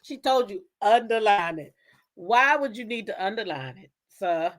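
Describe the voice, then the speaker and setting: Speaking at normal speed with a medium-pitched voice, this commentary channel host gives a lively, laughing account of a courtroom case. Her retelling is casual and dramatic, peppered with asides directed at her viewers.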